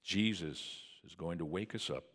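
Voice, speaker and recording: A man preaching a sermon in a church, swinging from hushed tones to booming cries. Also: normal speed, breathy edge, big-room sound.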